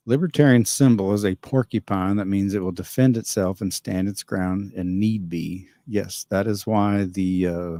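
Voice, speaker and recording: Rambling opinionated man with a dark voice. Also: lowish voice, dry recording, clean studio sound. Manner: rambling, opinionated, chuckles often. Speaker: livestream host reading chat. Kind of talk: casual livestream chat.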